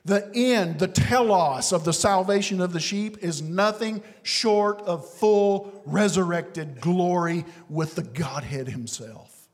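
A man preaching a sermon, swinging from booming declarations to hushed, drawn-out phrases. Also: in a large hall. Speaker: pastor.

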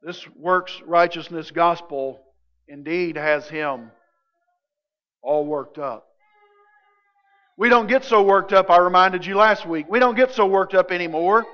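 High-voiced preacher in a reverberant hall. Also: male voice, measured pace, long pauses. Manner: animated, swings from loud emphatic to quiet low. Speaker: pastor. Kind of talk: sermon. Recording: dull lo-fi sound with long hall reverb.

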